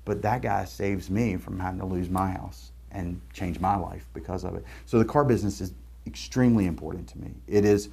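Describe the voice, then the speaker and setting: Earnest man with a gravelly low voice. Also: brisk, darkish tone. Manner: earnest, storytelling, repeats words. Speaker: recruiting firm owner. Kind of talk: promotional talk to camera.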